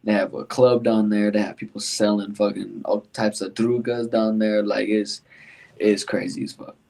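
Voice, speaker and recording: A man's voice: lowish voice, little pitch movement, moderate pace, creaky, dark tone. A man hosting a podcast in casual chat, laid-back and slangy, swearing freely. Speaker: podcast host.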